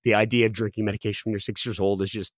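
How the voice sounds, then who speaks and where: Fast-talking man telling a personal story. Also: lowish voice, level tone, no room sound, studio quality. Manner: candid, many fillers and restarts. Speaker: guest.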